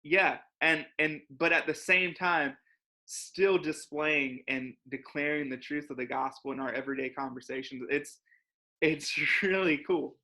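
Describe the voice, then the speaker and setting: A man's voice: a little high, measured pace, sharp tone. A young man co-hosting a church podcast, chatting casually and rambling, with lots of fillers and laughs. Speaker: co-host.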